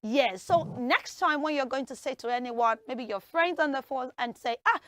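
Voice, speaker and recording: Animated woman teacher, high-pitched, dry close sound. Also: moderate pace, no echo. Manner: animated, acts out everyday scenes. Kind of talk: English usage lesson. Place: television studio.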